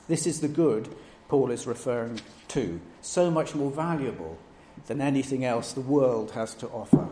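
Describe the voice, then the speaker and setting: A man preaching a sermon, measured and emphatic, stressing each item in his lists. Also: medium pitch, lively intonation, dark tone. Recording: echoey room with faint background noise.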